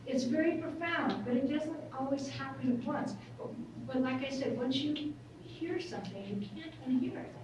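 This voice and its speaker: A woman's voice: high voice, normal speed. A woman speaker telling stories to a workshop audience, chatty and conversational. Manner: conversational, acts out quoted voices. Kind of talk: storytelling workshop talk. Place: large conference hall. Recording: echoey hall, far from mic, room noise.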